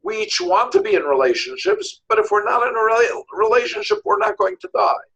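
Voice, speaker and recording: Animated New York man, lively pitch. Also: fairly quick, vocal fry, poor audio. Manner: lively, acts out quoted voices, repeats words when searching. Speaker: divorce lawyer interviewed as guest. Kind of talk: animated storytelling interview.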